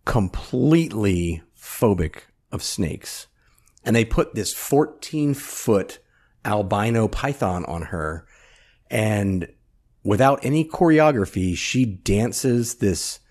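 A man's voice: on the low side, a little mellow. A man co-hosting a movie podcast, chatting casually and sharing film trivia. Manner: chatty, quick reactions and trivia asides. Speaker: podcast co-host.

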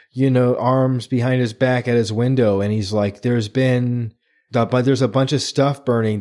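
A man co-hosting a podcast, casually retelling book scenes with lively acted-out quotes and frequent laughter. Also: medium pitch. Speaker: podcast co-host.

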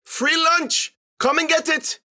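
A man voicing a reckless male soldier who yells loud and carefree in a high, strained voice. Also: fairly even intonation, slow pace, exaggerated voice. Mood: yelling brashly.

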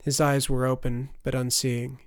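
A man narrating a fantasy audiobook in a measured storytelling voice. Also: medium pitch, level tone, smooth, no echo, studio quality.

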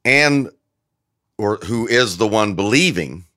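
Deep-voiced man explaining Greek grammar. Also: animated, pushed and bright, no echo, clean studio sound. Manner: explains Greek grammar with emphasis, pauses with ums. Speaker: guest scholar. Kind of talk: casual theological explanation.

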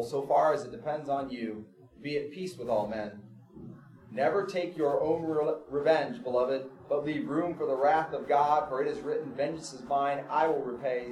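A man's voice: a little high, darkish tone. A man preaching a sermon, reading scripture with rising fervor and then telling everyday stories in a conversational way. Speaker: pastor. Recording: echoey room, far from mic, crowd.

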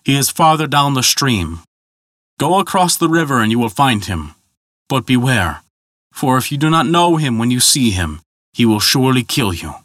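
A man's voice: medium pitch, very animated, moderate pace, a bit bright, dry recording, clean studio sound. A man voicing an old, knowing turtle. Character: old, wise male turtle.

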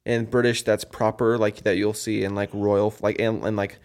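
A man's voice: fairly low pitch, level tone, normal speed, darkish tone. A man co-hosting a podcast in loose banter, rambling through his points with lots of filler words. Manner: rambling, full of "like" and restarts. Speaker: podcast co-host.

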